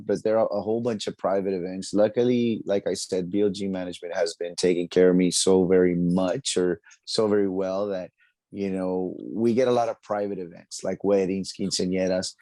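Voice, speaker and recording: A man, a musician guest chatting casually in an interview, upbeat and quick to laugh. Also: deep voice, darkish tone, dry recording. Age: 40s.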